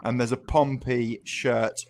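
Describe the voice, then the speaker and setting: A man's voice: mid-range voice, little pitch movement, slow, gravelly, a little mellow. An English man co-hosting a casual pub-style podcast, reasoning out his guesses and teasing his friends. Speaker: podcast co-host.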